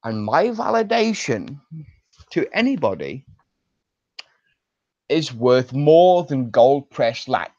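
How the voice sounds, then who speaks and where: Angry man, profane rant, slow deliberate pace, dull lo-fi sound. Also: mid-range voice, very animated, darkish tone, no echo. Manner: furious, profane, drawn-out emphatic delivery. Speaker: online show personality. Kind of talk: angry ranting monologue. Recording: dull lo-fi dry recording.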